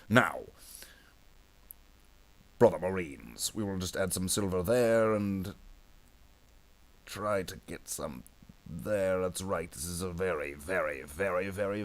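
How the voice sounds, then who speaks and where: A man streaming himself painting miniatures, chatting casually and jokily in a space marine persona and calling his viewers brothers. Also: low voice. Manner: rambling and jokey, calls viewers "brother Marines".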